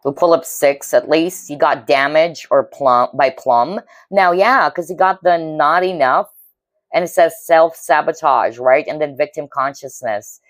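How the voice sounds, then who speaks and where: Low-voiced woman doing a tarot reading. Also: no echo. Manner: earnest, intuitive, frequent "okay?" check-ins; emotionally moved, empathic. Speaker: tarot reader. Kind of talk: pick-a-card tarot reading.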